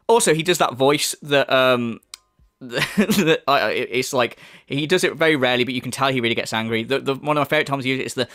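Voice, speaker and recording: A man's voice: medium pitch, a little fast, fairly bright tone, no echo, clean studio sound. A man hosting a sarcastic commentary, swearing often and mocking what he reacts to. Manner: mocking, laughing, swearing, mimics voices. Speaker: commentary channel host.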